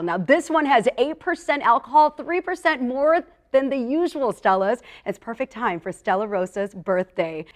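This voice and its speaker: A woman's voice: on the high side, unhurried. Chatty, upbeat woman hosting a tasting. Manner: chatty and upbeat, with personal stories and asides; talks straight to viewers, calling them "you guys". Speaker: host of a live wine tasting. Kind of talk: casual live-stream hosting.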